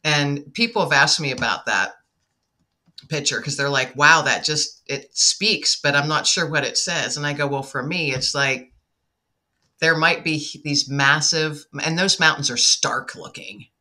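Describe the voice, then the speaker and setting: A middle-aged woman with a bright, forceful voice, chatting on a call. She tells her stories with animated energy and acts out the quotes in them. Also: low voice, unhurried. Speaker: podcast guest. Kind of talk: casual conversation.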